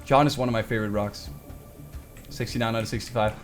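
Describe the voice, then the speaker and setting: A young man streaming a game live reads the item text aloud and cracks jokes along the way. He speaks fast with a fairly low pitch and a steady tone, and soft music plays in the background.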